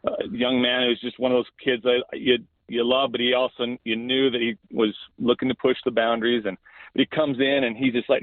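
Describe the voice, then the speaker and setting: A man's voice: mid-range voice, flat delivery, fairly quick, no echo. Man, middle-aged, school principal, earnest storyteller, restarts phrases, phone-line sound. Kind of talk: casual storytelling in a podcast interview.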